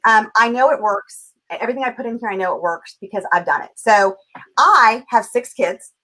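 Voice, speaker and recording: A woman's voice: on the high side, moderate pace, sharp tone, poor audio. Passionate middle-aged woman, emphatic. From California. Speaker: guest, parenting coach. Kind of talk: heartfelt conversational interview.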